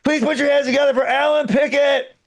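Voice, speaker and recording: A man working as a comedy club emcee, introducing the next act in a halting, stumbling way. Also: extremely high pitch, fairly even intonation, vocal fry.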